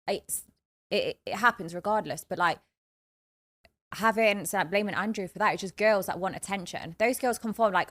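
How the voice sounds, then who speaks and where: A woman's voice: mid-range voice, fairly quick, a bit bright. A woman speaking bluntly and candidly as a podcast guest. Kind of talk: debate on a podcast.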